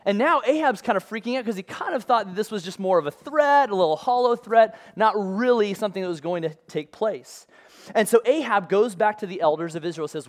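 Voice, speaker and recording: High-pitched guy preaching, chatty and relaxed about it. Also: brisk. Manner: casual and conversational with modern comparisons. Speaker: pastor. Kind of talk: sermon.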